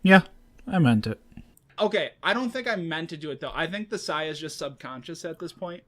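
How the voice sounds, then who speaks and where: A man's voice: fairly high pitch, lively intonation, brisk, a bit bright. A man co-hosting a podcast, chatting casually in dry, joking banter with frequent restarts. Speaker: podcast co-host. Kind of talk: casual chat.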